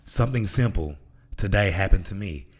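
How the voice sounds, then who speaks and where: A man's voice: deep voice, lively intonation, moderate pace, slightly rough. A man from Memphis, hosting a casual motivational podcast monologue in a laid-back, slangy way. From Memphis, Tennessee. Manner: laid-back, slangy, acts out voices in stories. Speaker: podcast host.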